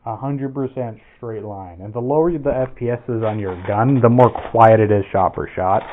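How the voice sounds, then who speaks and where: A man's voice: mid-range voice, normal speed. A man casually demoing airsoft gear, rambling and swearing with lots of restarts. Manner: rambling and profane, with frequent restarts. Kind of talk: casual product demo. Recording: tinny phone-like audio with faint noise.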